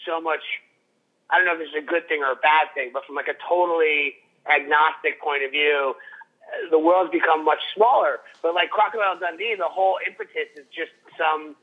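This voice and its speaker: A man's voice: a little high, expressive, brisk. A middle-aged man and father co-hosting a podcast, chatting casually in a rambling, self-interrupting, profane way. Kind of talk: casual comedic chat. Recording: tinny phone-line audio.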